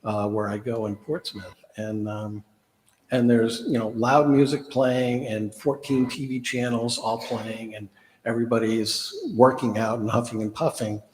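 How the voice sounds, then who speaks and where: A man's voice: medium pitch, measured pace, slight background noise. Chatty man preaching in an echoey hall. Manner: relaxed, chatty, many fillers. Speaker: guest speaker at a church service. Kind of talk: casual sermon with a joke. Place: church hall. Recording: echoey hall, long reverb.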